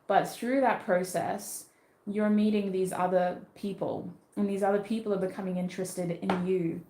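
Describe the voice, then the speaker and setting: A woman's voice: mid-range voice, fairly even intonation, normal speed, dark tone. Chatty Australian woman reading tarot, roomy sound. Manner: chatty, thinks aloud with fillers and restarts. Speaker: tarot reader. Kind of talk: casual livestream tarot reading.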